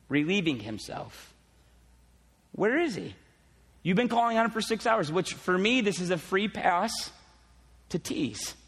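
A man's voice: sits high, a bit bright, big-room sound. A male pastor preaching a sermon at a church service, conversational and teasing with casual asides.

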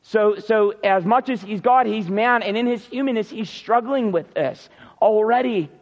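A man's voice: high voice, moderate pace, big-room sound, lo-fi sound. A man preaching a Sunday sermon, earnest and emphatic, repeating key words for stress. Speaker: pastor.

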